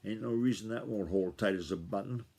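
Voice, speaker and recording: A man reading the lines of a cranky, blustering old farmer grandfather, gruff and impatient. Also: fairly low pitch, fairly quick, dark tone. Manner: gruff, impatient country talk.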